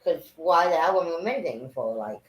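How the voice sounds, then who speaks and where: A woman's voice: low voice, brisk. Woman telling a wild story, swears a lot, voice jumps all over, roomy echo. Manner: animated, profane storytelling with acted-out quotes. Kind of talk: casual chat. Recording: echoey room.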